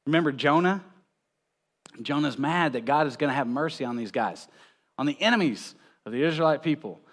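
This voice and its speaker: A man's voice: on the high side, lively intonation, fairly quick, a bit bright. A man preaching a conversational sermon in a church, telling stories with small chuckles and often checking in with "right?". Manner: chuckles between points. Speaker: pastor.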